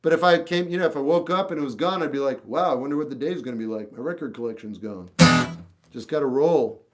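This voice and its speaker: A man with a slightly high voice chats casually on a livestream from his room at home. He answers viewers bluntly and with strong opinions, speaking off the cuff. Faint music plays behind him. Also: fast talker. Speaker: livestream host answering chat. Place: home room with a record collection.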